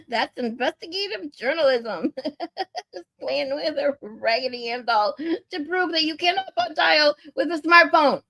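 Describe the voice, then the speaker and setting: A woman hosting a livestream in casual chat, chatty and quick to giggle. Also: sits high, animated, vocal fry, a bit bright. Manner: giggly and chatty, laughs a lot. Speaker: livestream host.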